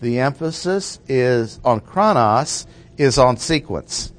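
Slow, measured man teaching Scripture. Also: medium pitch, animated. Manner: measured, emphatic, repeats key phrases. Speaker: preacher. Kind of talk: expository Bible teaching.

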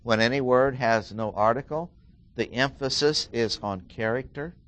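A middle-aged man teaching through a Bible passage, deliberately repeating key phrases and stressing single words. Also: medium pitch, fairly bright tone. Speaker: preacher.

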